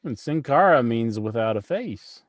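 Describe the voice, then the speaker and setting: A man's voice: medium pitch, animated, unhurried, no echo, studio quality. A man co-hosting a casual wrestling podcast, laid-back and agreeable. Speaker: podcast co-host.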